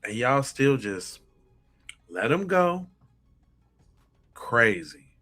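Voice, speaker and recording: A man's voice: mid-range voice, sing-song, extremely slow, pushed and bright, soft background music. A man hosting a podcast, reacting bluntly and angrily to case footage in casual slang. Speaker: podcast host. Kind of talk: reacting to true crime footage.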